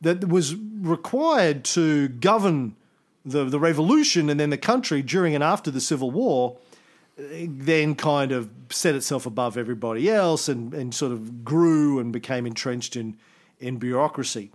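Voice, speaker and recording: A man hosting a casual history podcast, explaining events thoughtfully with pauses and restarts. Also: a little high, expressive. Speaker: podcast host.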